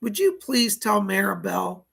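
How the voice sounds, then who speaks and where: A man's voice: high voice, very animated, measured pace, creaky, fairly bright tone, breathy edge. A man hosting live psychic readings, losing his voice, giving reassuring and repetitive advice. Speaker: psychic medium, host.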